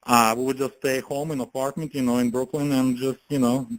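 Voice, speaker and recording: Chatty man with a middle-pitched voice. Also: flat delivery, fairly quick, low-quality recording. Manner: chatty, laughs often, many fillers and tag questions. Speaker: network marketing promoter. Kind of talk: casual motivational pitch.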